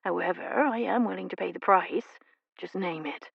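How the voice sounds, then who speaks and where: A woman's voice: on the low side, normal speed, vocal fry, slightly rough, no room sound, lo-fi sound, exaggerated voice. A woman reading as a playful young heroine. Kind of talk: audiobook character reading.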